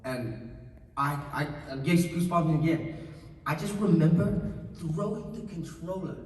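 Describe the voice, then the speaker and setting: A man, telling lively anecdotes as a convention panel guest, laughing often and acting out what people said. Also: on the high side, measured pace. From New Zealand. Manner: animated, laughs often, acts out quotes. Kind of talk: storytelling anecdotes to an audience. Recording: roomy hall, distant mic, faint noise.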